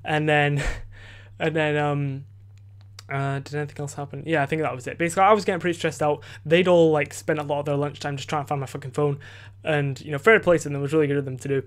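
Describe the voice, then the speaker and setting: A teenage boy hosts his podcast, speaking quickly into a desk microphone with a fairly high, mostly flat voice. He tells a story casually and ramblingly, full of fillers, restarts and offhand swearing.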